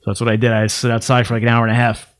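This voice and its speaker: Fast-talking man telling rambling stories. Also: mid-range voice, completely flat delivery. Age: adult, works for city sanitation. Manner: rambling anecdotes, fast, acts out relatives' voices. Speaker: podcast co-host. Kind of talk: casual storytelling chat.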